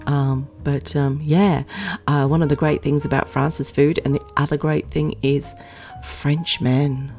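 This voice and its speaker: A woman with a notably low, deep speaking voice chats to her viewers in a loose, rambling way, full of ums and little laughs. Soft music plays faintly behind her. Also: little pitch movement, a little slow. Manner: rambling, chatty, many fillers and giggles. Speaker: vlog host. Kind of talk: casual chat to camera.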